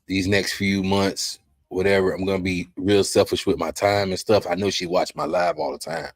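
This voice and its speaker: A man hosting a podcast, talking in an emotional, halting way, worn out and near tears, often repeating himself. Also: low-pitched, gravelly, dry recording. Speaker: podcast host.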